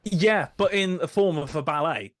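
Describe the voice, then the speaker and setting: With a fairly high pitch and moderate pace, a man co-hosting a podcast talks casually through an old film musical, stumbling over fillers and restarts. The recording is dry and studio-clean.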